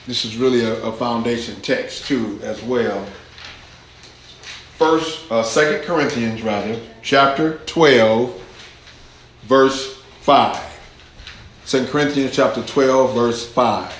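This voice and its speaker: Slow-preaching pastor in an echoey church. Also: male voice, medium pitch, slight background noise. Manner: slow, deliberate preaching with emphatic rises on scripture. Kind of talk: sermon. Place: church hall.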